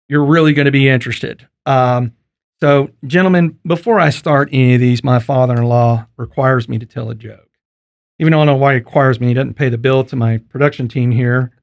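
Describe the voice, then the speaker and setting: A man hosting a casual podcast interview, folksy and joking. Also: mid-range voice. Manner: folksy and joking, loose with fillers. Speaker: podcast host.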